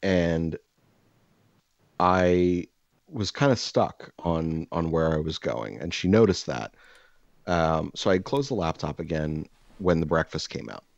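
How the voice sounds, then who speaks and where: A man telling a personal story in a loose, animated way, cursing freely and acting out what people said. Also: low voice, slow, vocal fry, dry recording. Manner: animated, profane, acts out dialogue. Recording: dull, dry lo-fi sound.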